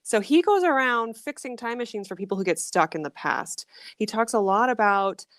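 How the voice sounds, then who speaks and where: A woman's voice: on the high side, expressive, normal speed, a bit bright, no echo, clean studio sound. A woman hosting a podcast, chatting casually and enthusiastically about books, with frequent restarts. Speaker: podcast host. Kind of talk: casual chat.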